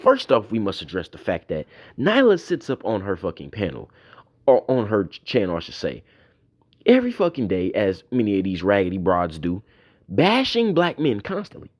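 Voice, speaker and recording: A man's voice: on the low side, huge pitch swings, normal speed. A man delivering a profane, mocking tirade in a commentary video. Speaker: YouTube commentator.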